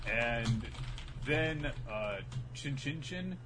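A man's voice: medium pitch, very slow, over loud music. A man co-hosting a podcast, casually recapping an episode and acting out the characters as he goes. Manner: animated storytelling, acting out characters. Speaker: podcast co-host.

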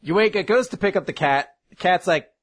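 A man's voice: high-pitched, lively intonation, slightly rough. Laughing man recapping a story. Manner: laughing often, acting out lines in quick voices. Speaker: podcast host recapping an anime. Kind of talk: casual chat recap.

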